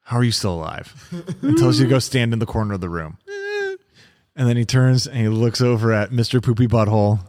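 A man's voice: medium pitch, fast, a little mellow. A man narrating a tabletop game as game master, casual and joking.

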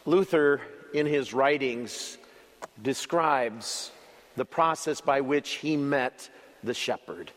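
A man preaching a children's sermon as an expressive storyteller who uses dramatic pauses. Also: medium pitch, big-room sound. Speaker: pastor.

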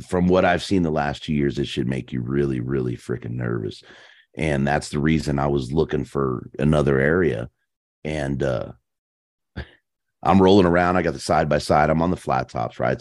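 Very deep-voiced man, dry sound. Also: no echo. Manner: animated, slangy, peppers speech with "man" and "dude". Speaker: podcast guest telling hunting stories. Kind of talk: casual storytelling chat.

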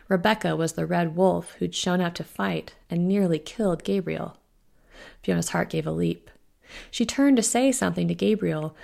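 A woman author reading the prologue of her own fantasy novel aloud in a steady way. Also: on the low side, vocal fry. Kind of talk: audiobook narration.

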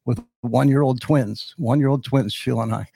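An older man in his seventies tells his story with a deep gravelly rasp and a mellow, husky tone. He rambles a little, with fillers and restarts. The sound is close and dry. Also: moderate pace, no echo. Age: 70s. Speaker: podcast host. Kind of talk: personal storytelling.

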